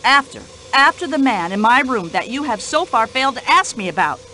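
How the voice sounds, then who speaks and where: A woman's voice: a little high, very animated, brisk, bright, forceful tone, a little hiss or hum, rough recording. A woman voicing a talkative, indignant older widow in a radio play, speaking. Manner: indignant, chatty, complaining.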